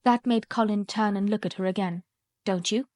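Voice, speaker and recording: A woman reading a classic novel aloud as an audiobook narrator, in a calm, measured storytelling manner. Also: mid-range voice, no room sound. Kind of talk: scripted narration.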